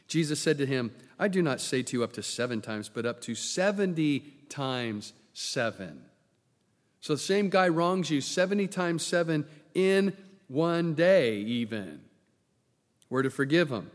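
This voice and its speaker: Man preaching, fairly high voice, loud bursts then hushed, long echo of a church hall. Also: animated, measured pace. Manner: dramatic swings from loud to hushed, acts out quoted voices. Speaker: pastor. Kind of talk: sermon.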